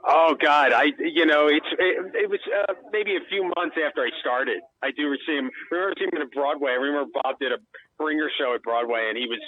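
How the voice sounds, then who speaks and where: Halting man comedian on a tinny phone line. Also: on the high side. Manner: halting, full of restarts and "you know". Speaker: comedian guest. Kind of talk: casual interview chat over phone.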